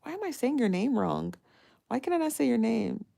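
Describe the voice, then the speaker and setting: A woman's voice: on the high side, very animated, normal speed, creaky, warm tone. A woman chatting casually on her live stream, rambling with many fillers and greeting viewers by name.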